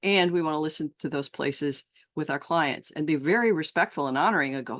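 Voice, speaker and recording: This transformational coach and trainer, a middle-aged woman, talks reflectively and earnestly to fellow coaches, at times taking on clients' voices. Her voice sits low, fairly bright, and fairly quick.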